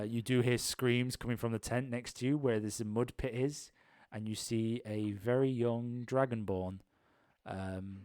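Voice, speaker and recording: A man's voice: on the low side, a little mellow, clean tone, dry recording. Young male GM, loose rambling narration, lots of ums, tabletop one-shot. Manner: rambling, many ums and restarts. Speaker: game master. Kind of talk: improvised tabletop game narration.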